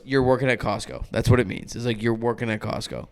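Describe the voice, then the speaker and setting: A man's voice: mid-range voice, fairly even intonation, fast talker. Laughing young man telling stories. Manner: laughing anecdotal storyteller, casual swearing. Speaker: podcast co-host. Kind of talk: casual comedy podcast chat.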